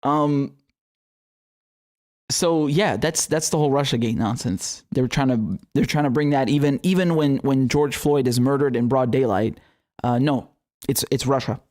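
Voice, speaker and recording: A man's voice: mid-range voice, moderate pace, darkish tone. A young man hosting his own political commentary show, talking casually, sarcastic, swearing freely and laughing often.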